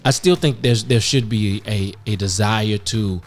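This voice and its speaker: A man's voice: on the low side, measured pace, faint music behind. A man in his fifties, co-hosting a podcast in casual chat, telling self-mocking stories with frequent laughs. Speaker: podcast co-host.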